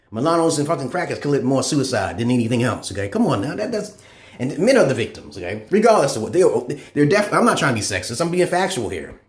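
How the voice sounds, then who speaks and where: A man delivering a profane, rambling monologue as a channel host, swinging between loud high bursts and low mutters. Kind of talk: ranting monologue. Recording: echoey room.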